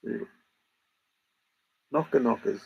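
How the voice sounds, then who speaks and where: A middle-aged livestream host speaks at a slow pace, joking and laughing as he banters with viewers in the chat. It's casual chat, and the sound is lo-fi.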